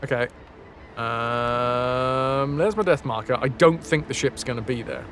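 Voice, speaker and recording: A man's voice: mid-range voice, a little slow, fairly bright tone, slight background noise. A man chatting playfully and rambling through a live game stream, answering his chat as he plays. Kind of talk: casual live-stream chat while gaming. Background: game music.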